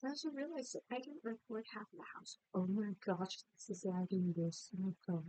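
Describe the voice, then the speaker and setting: A young college student chats candidly at home by her laptop, giving a casual voice-over as she narrates her game build. Her medium-pitched voice is mellow, lively in intonation and fairly quick, and she rambles apologetically and sounds worn out. The recording is dry and the audio is poor.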